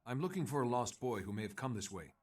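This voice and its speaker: A man's voice: medium pitch, expressive, fast, darkish tone, far from the mic, natural voice. An actor voicing an earnest male hero, polite and straightforward in manner. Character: earnest male hero searching for a lost child.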